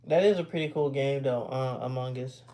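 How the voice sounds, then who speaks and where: A laid-back streamer in his thirties chats loosely with viewers from his home computer, sounding sleepy and stifling yawns. He drifts between thoughts, taking back and correcting what he says. His medium-pitched voice is brisk and warm.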